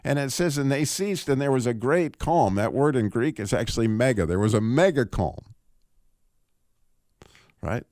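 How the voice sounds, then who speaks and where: A man hosting a radio call-in show, teaching through a Bible passage in a casual, animated way. He laughs often and restarts his sentences. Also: medium pitch, normal speed, long pauses, dry recording, clean studio sound.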